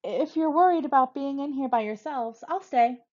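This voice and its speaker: A woman reading aloud, voicing an earnest, naive teenage boy who speaks plainly and calmly. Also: high voice, moderate pace, lo-fi sound, voice pushed up, close to an everyday voice.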